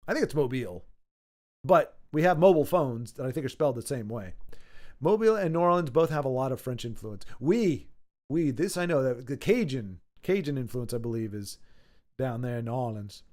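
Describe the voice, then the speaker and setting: A man's voice: mid-range voice, expressive, fairly quick, darkish tone. A man hosting a livestream, chatting in a rambling way and reading viewer messages aloud, his voice a little worn. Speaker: livestream host. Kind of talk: casual livestream chat.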